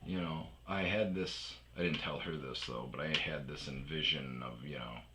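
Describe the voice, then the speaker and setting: A man from Wisconsin telling rambling, profane comic stories that often trail off into low mumbles. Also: normal speed, background noise. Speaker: storytelling podcaster.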